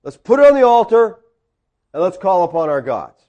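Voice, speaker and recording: A man playing a loud defiant prophet. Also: high-pitched, sing-song, normal speed, dull audio, voice pushed up. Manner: loud, emphatic, rallying. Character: bold defiant male prophet challenging rivals.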